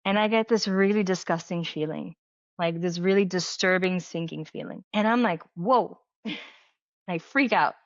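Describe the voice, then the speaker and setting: Her pitch fairly low and her pace a little slow, this middle-aged medium and healer chats as a podcast guest, telling stories packed with "like" and performing the dialogue she quotes. The recording is dry, dull and lo-fi.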